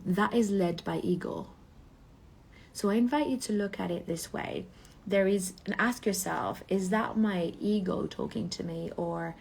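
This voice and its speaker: Woman, business coach; husky, lowish voice, emphatic motivational delivery full of rhetorical questions. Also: darkish tone.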